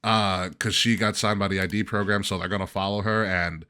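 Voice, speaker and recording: A man's voice: lowish voice, fairly even intonation, a little fast, bright, forceful tone, smooth. A man hosting a podcast in casual chat, laughing often and joking loosely. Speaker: podcast host.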